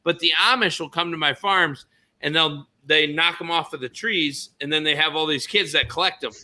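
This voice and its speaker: Sharp-voiced man telling rambling stories. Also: fairly high pitch, normal speed. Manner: rambling, emphatic storyteller who curses freely. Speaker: podcast host. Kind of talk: casual storytelling chat.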